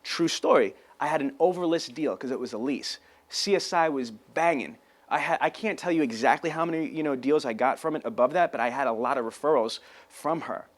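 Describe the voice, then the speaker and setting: A man giving an energetic sales training talk on camera, telling stories and acting out phone calls. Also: fairly high pitch, a little fast. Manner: animated storyteller, acts out phone calls.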